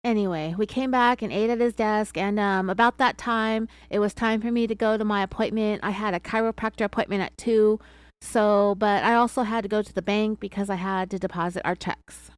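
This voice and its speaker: A woman's voice: mid-range voice, fairly even intonation, fairly quick, clean tone, dry recording. A woman podcast host telling a true crime story, with sarcastic asides.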